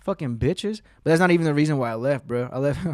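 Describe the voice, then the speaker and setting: Fast-talking and a little mellow, a man with a mid-range voice hosts his own podcast over a dry, clean studio sound. His casual storytelling monologue is a heavily profane, rambling tale in which he acts out what others said.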